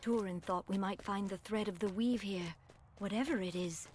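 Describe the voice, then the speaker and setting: A woman's voice: medium pitch, moderate pace, a little mellow, natural voice. An actress playing a frightened young woman mage, speaking in a timid, anxious way, heard as game audio over music. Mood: worried.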